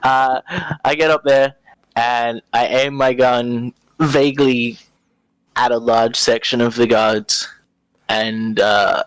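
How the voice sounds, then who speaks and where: A man's voice: medium pitch, steady tone, takes it slowly, pauses often, smooth, dry recording, rough recording. A man playing a tabletop game, often laughing while he describes his moves. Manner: laughing, playful. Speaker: player. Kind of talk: casual tabletop play.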